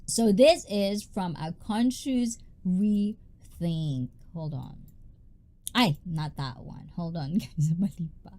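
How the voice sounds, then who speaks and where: A woman, hosting a casual livestream in a loud, bubbly, chatty way and greeting viewers by name. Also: slow. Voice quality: high-pitched. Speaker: livestream host.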